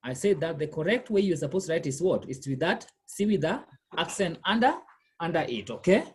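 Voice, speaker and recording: Deep, husky and darkish in tone, her fairly quick speech carries lively intonation. The woman is a language tutor in a one-on-one lesson who explains material, patiently repeats questions, and quizzes her learner.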